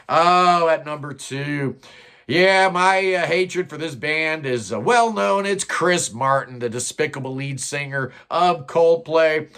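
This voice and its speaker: A man's voice: a little high, a bit bright. A man hosting a music countdown, talking in a blunt, sarcastic way with plenty of "uh" and "man" thrown in. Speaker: music commentary host. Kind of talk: opinionated countdown monologue.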